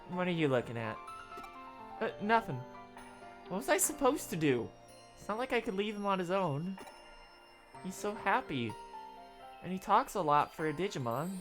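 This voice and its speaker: During a live playthrough, a streamer with a mid-range voice reads every character's dialogue from a video game aloud, laughing through asides in between.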